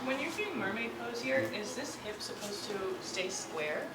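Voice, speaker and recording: A woman's voice: on the high side, big pitch swings, moderate pace, background noise. A woman in a yoga class, asking questions and commenting candidly, sometimes swearing. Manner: curious, candid, swears casually. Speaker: yoga student. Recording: distant, very echoey room with class around.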